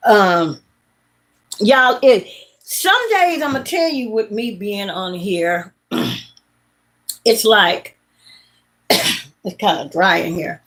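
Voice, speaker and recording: A woman's voice: mid-range voice, animated, extremely slow, long pauses, a bit bright. A woman, hosting a casual livestream and telling rambling, repetitive, heartfelt stories. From Mississippi, USA. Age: late 50s. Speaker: livestream host.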